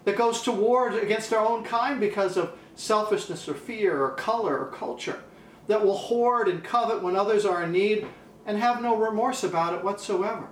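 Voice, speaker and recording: A man preaching a sermon as pastor, emphatic and repeating key phrases, slowing down for weight. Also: high voice, reverberant, slight background noise, low-quality recording.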